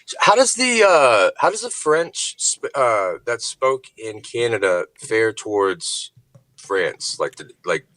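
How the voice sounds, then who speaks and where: A man chatting casually as a podcast guest, relaxed and agreeable, asking questions. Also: mid-range voice, takes it slowly, no echo.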